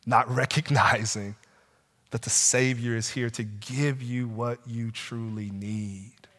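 A man preaching a sermon, rising to loud urgent pleas and dropping to slow, hushed passages. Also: medium pitch, fairly even intonation. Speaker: pastor. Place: church sanctuary. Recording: long hall reverb.

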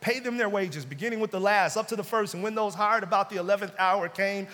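A man pastor preaching a sermon with emphasis, repeating key phrases and dropping to hushed tones. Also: high-pitched, fast talker. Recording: long hall reverb.

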